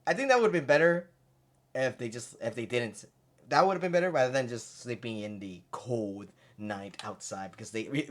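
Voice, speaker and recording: Excitable gamer swearing through commentary. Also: mid-range voice. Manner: excitable, swears, laughs often. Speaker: let's play host. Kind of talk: casual gameplay commentary.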